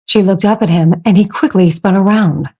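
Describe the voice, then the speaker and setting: A woman reading a romance audiobook as scripted narration, telling the story slowly and evenly. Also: mid-range voice, dark tone, slightly rough.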